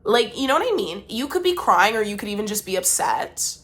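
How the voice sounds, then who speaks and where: A woman's voice: medium pitch, a little fast. Exasperated woman venting to camera. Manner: emphatic, exasperated, lively. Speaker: vlogger. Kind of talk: casual talk to camera.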